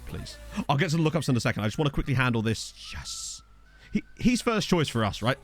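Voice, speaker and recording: A man's voice: mid-range voice, sing-song, quick pace, soft background music. A man casually chatting on a live game stream, rambling, joking and thanking viewers as he plays. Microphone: desk condenser microphone.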